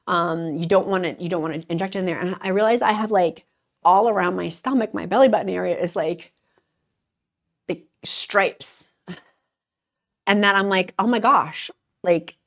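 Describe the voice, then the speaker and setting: This is a woman with a slightly low voice, vlogging straight to camera. She rambles candidly and openly, with lots of fillers and restarts, and sounds emotional. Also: normal speed, pauses often, a bit bright. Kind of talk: casual talk to camera.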